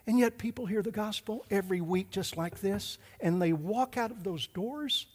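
A middle-aged male pastor telling a story in a sermon, emphatic and slowing down to stress his points. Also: high voice, darkish tone. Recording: hall reverb.

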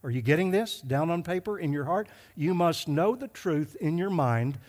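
A middle-aged male pastor telling a story in a sermon, emphatic and slowing down to stress his points. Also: on the high side, sing-song, a little mellow. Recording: hall reverb.

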